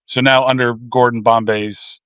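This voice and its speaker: A man's voice: mid-range voice, level tone, moderate pace, fairly bright tone, clear, resonant tone, no echo. Canadian guy recapping a movie on a podcast, blunt, swears a lot, dry close mic. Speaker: podcast co-host. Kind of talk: casual movie podcast banter.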